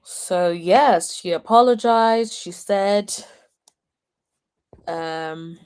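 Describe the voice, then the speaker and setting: A woman's voice: medium pitch, very slow, a little mellow, smooth. A woman hosting a casual reaction commentary, speaking to her viewers with chatty, exasperated asides. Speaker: host.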